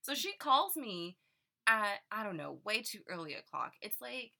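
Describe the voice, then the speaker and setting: A young woman chatting casually as co-host, wry and quick with side comments and laughs. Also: medium pitch, big pitch swings, vocal fry, pushed and bright. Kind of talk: casual storytelling chat.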